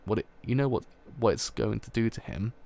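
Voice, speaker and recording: A sharp, demanding young man pressing with questions, as a man reads him aloud. The voice carries a gravelly rasp. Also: fairly low pitch, animated, a little fast. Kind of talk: reading a comic aloud.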